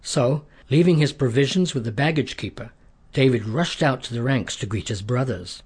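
A man narrating a scripted story in a steady, measured way, with a husky voice. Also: mid-range voice.

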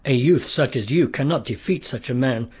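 A man voicing a cautious but kindly king in a storybook reading, measured and regal, in a husky voice. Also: medium pitch, darkish tone. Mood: doubtful.

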